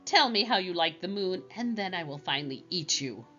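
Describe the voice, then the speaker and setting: A woman's voice: fairly low pitch, expressive, fairly quick, sharp tone. A woman reading aloud, voicing a cool, sneering great horned owl in a storybook. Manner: sneering and menacing. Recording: dull lo-fi with faint music.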